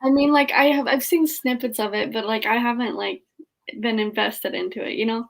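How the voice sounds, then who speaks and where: A woman's voice: fairly high pitch, fairly even intonation, brisk, vocal fry. A woman chatting casually on a livestream, hesitant and full of "like.". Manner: hesitant, lots of "like".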